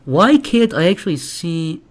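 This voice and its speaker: A man's voice: on the high side, sing-song, unhurried. Young male streamer, joking and teasing, casual chat with friends. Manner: joking, teasing, reading donations aloud. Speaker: streamer host.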